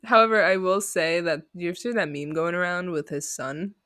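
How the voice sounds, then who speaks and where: A young woman co-hosting a podcast, telling stories in a dramatic, animated casual chat. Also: fairly low pitch, brisk, dry recording, clean studio sound. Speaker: podcast co-host.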